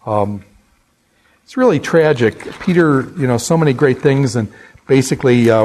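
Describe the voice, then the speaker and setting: A man teaching an informal Bible lecture, telling stories conversationally and sinking into hushed, earnest tones. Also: medium pitch, expressive, moderate pace, poor audio. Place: New England.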